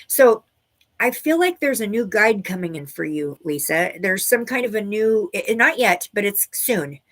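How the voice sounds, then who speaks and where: A woman's voice: mid-range voice, animated, unhurried. A woman teaching a live online tarot class and giving intuitive readings to viewers, talking loosely and searching for her words, with frequent "right?" asides.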